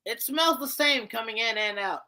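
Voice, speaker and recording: A woman's voice: on the high side, moderate pace, bright, forceful tone. A woman co-hosting a casual video reaction chat, swearing freely, laughing often and repeating words.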